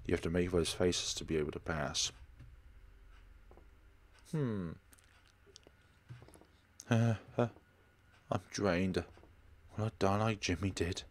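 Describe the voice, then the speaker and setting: A deep-voiced man hosts a horror-game let's play, speaking at a slow pace with long pauses. He reads the game's dialogue aloud, punctuated by dramatic outbursts.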